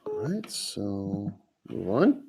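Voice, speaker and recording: A man with a lower voice, a real estate agent hosting a live prospecting podcast, talking in a casual, folksy, rambling way with restarts. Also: very animated, takes it slowly, vocal fry, background noise. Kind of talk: live phone prospecting session with coaching asides.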